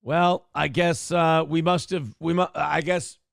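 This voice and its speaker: A man hosting a live show, reading chat aloud and firing back at trolls in a sarcastic, teasing way. His voice sits fairly high and carries a gravelly rasp. The sound is close and dry, with no room around it. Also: fairly even intonation, a little slow, no echo. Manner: reads out chat comments. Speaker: radio show host. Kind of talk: live-stream donation appeal.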